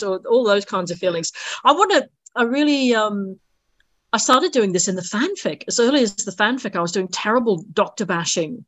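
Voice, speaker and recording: A woman author in a casual interview, animated and acting out reactions in quoted voices. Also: fairly low pitch, brisk, no room sound. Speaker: author guest.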